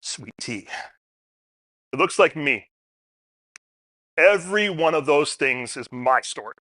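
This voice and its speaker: A man's voice: a little high, takes it slowly. A man giving a personal storytelling talk at a public forum, acting out the people in his stories. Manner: animated storyteller, acts out quotes.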